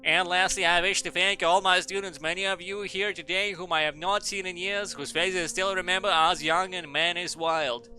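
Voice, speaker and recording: A man's voice: high voice, steady tone, normal speed, few pauses, pushed and bright, pitched above the performer's own voice. A man voicing a pompous ancient male headmaster giving a grandiose farewell speech. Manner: grandiose, theatrical oratory.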